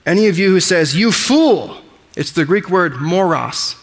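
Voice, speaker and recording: Pastor, male, higher-than-average voice; emphatic preaching style, recorded with lingering room reverb. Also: lively intonation, unhurried. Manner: emphatic preaching, explains Greek words. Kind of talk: sermon.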